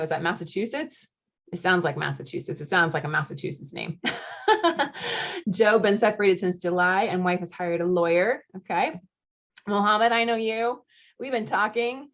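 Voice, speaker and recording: A woman's voice: on the low side, muffled recording. Upbeat woman coach hosting a webinar. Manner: chatty and upbeat, with quick laughs and friendly asides. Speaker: marriage coach hosting a live online masterclass. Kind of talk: live webinar, reading chat comments aloud.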